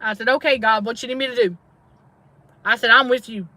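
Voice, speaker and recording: Emphatic woman testifying in a bright voice. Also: on the high side, fairly even intonation, brisk, no room sound. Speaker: faith-based trauma coach and channel host. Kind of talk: casual livestream preaching.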